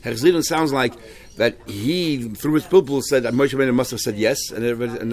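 A man's voice: medium pitch, a little fast. A man teaching a Talmud class in English, mixing in many Hebrew and Yiddish terms and often restarting his sentences. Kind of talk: Talmud shiur, explaining texts.

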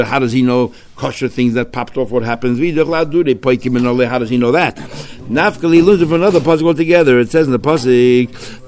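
Male study teacher, mid-pitched voice, rhetorical questions, mixes in Hebrew-Aramaic terms, sudden rises in pitch and loudness. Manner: asks himself questions and answers them, rising sharply on key points. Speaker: Talmud teacher. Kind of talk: explaining a religious text passage.

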